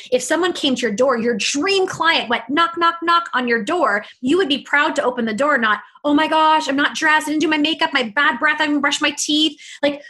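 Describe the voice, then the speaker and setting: A middle-aged woman hosting a podcast, telling a heartfelt story in an earnest, animated way. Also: high voice. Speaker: podcast host and business coach. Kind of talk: casual solo podcast monologue.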